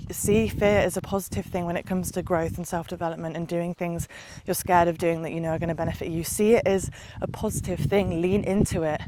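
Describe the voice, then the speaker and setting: A woman vlogger giving an earnest, passionate motivational talk to camera, with long run-on, repetitive sentences. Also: on the low side. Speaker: lifestyle vlogger. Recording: loud background noise.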